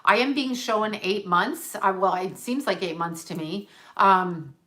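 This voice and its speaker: A woman's voice: mid-range voice, unhurried, sharp tone. A woman, a psychic medium, talking on a livestream as she channels, rambling and correcting herself, repeating words for emphasis.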